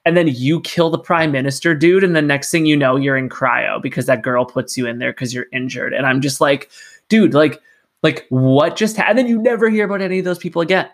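A man ranting in casual chat about a video game, animated and profane, acting out the characters' lines. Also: fairly high pitch, brisk.

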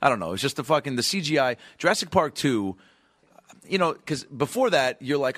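A man in his thirties co-hosting a podcast, telling a comic story and acting out the dialogue with loud outbursts and casual swearing. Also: mid-range voice, fairly quick, no room sound. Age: 30s. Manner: animated, acts out dialogue, swears freely. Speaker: podcast co-host.

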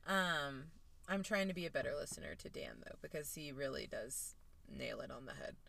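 A woman's voice: low voice, lively intonation, normal speed, gravelly, a bit bright. A young woman co-hosting a podcast, teasing and joking in casual, profane banter. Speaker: podcast co-host. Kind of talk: casual chat.

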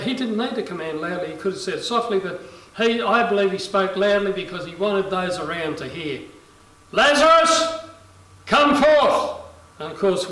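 A male pastor delivers a sermon in a high, bright voice, lifting it sharply when he acts out quoted lines. His voice carries through a roomy space and sounds set back from the microphone. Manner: preaching with dramatic quoted lines, rising loud for emphasis. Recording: roomy echo, voice from a distance.

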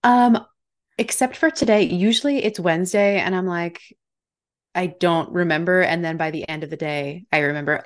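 Chatty upbeat woman, low voice. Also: normal speed. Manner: chatty, upbeat, laughs often. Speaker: podcast co-host. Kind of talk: casual chat.

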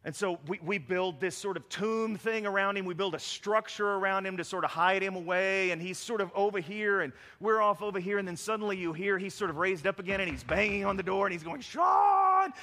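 A man preaching a sermon as a pastor, talking in a conversational, animated storytelling way with frequent "right?" asides. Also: high-pitched, a little fast, few pauses. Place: church sanctuary. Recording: long reverb of a large hall.

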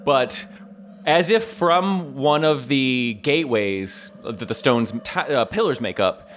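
A man narrating as game master of a tabletop game, relaxed and laughing often. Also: medium pitch, slow pace, a little hiss or hum.

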